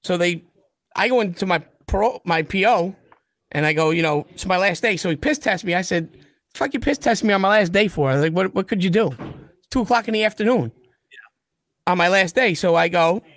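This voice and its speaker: A man's voice: high-pitched, fairly quick, a bit bright. A man telling a long story in casual conversation, blunt and profane, acting out the dialogue as he goes. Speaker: guest telling prison stories.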